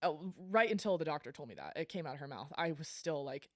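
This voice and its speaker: Animated woman telling a story. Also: low voice, brisk, few pauses, dry recording, studio quality. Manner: animated, self-deprecating, laughs often; frequent fillers like um and like. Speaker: podcast guest. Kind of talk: casual storytelling.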